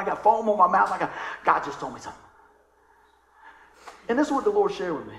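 A man's voice: high voice, rapid-fire, a bit bright, reverberant, slight background noise, rough recording. A male pastor preaching a sermon in a conversational way, calling out to his congregation. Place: church sanctuary.

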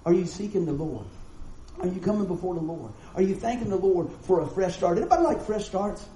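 A man's voice: high voice, lively intonation, brisk, dark tone, roomy sound, rough recording. A man, a pastor preaching a conversational sermon full of rhetorical questions to his congregation. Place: church hall with congregation. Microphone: live stream mic.

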